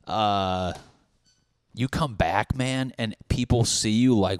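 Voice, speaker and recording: A young man hosting a podcast, rambling through a casual monologue, swearing a lot and getting excited as he goes. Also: deep voice, moderate pace, dry recording. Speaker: podcast host.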